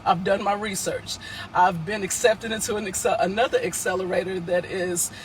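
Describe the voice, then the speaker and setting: A man's voice: high-pitched, fairly even intonation, normal speed, a little hiss or hum, rough recording. A man speaking emphatically and repetitively in a live social media talk, addressing his followers as a founder. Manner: emphatic, repetitive, preacherly exhortation.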